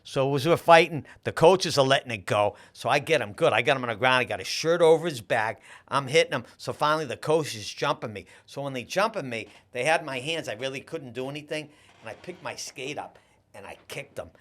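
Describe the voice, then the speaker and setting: A man's voice: medium pitch, expressive, a little fast, fairly bright tone. A man, a podcast guest telling boastful stories with emphatic restarts. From Massachusetts. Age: 60s. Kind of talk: casual storytelling chat.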